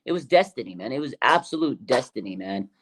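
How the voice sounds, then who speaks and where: A man hosting a fan livestream, talking casually in an excited, rambling way with many fillers and restarts. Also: medium pitch, fairly quick, slight background noise. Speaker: fan show host.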